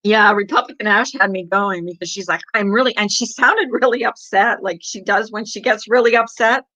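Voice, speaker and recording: A woman's voice: medium pitch, normal speed, sharp tone, no echo. A middle-aged woman hosting a casual livestream, chatting with viewers in a rambling way and laughing often. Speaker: livestream host. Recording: dull lo-fi sound.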